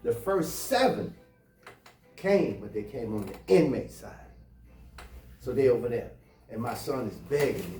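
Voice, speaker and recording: A man's voice: medium pitch, big pitch swings, measured pace, pauses often, warm tone. Blunt, profane man telling a story. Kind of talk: casual anecdote telling. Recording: roomy, distant mic, faint music.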